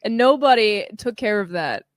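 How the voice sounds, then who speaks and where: A woman co-hosting a podcast, chatting casually about a film and acting out the characters' lines in quick voices. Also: medium pitch, expressive, dry recording. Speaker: podcast co-host. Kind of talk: casual chat recapping a film.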